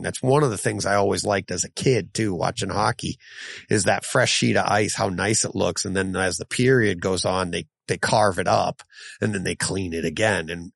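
A man with a lowish voice and a lot of gravelly fry hosts a casual solo podcast. He reads listener letters in a rambling way, corrects himself often and chuckles. His voice is going hoarse, and the recording is dry and close. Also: no room sound. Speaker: podcast host.

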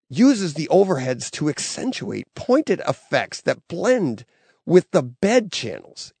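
A man's voice: medium pitch, vocal fry, darkish tone, breathy edge, dry recording. A man hosting a podcast in casual chat, rambling and laughing, with frequent restarts. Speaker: podcast host.

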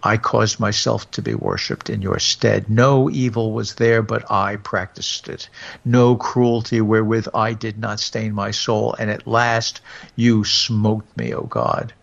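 Man reading as a proud wicked tyrant, gravelly. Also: lowish voice, measured pace. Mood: defiant. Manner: defiant confession, then frantic pleading. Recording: dull lo-fi recording.

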